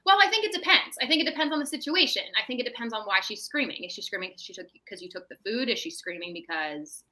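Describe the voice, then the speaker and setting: A woman's voice: a little high, animated, fast, sharp tone, rough recording. A woman, a mental health professional, giving parenting advice in a casual podcast chat, often checking in with "right?". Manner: explanatory, tags statements with "right?".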